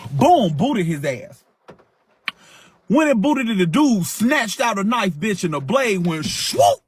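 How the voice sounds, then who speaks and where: A man with a high, husky voice hosts a livestream and retells a brawl in loose, profane street talk. He acts the story out as he goes, throwing in sound effects and quick asides. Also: sing-song. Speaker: livestream host.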